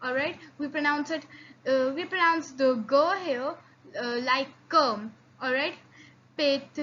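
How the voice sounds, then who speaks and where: A woman teaching an online language lesson, halting with many fillers and repeats, slowly drilling sounds for learners. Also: sits high, a bit bright. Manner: slow drilled repetitions of sounds. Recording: slightly dull lo-fi audio with faint noise.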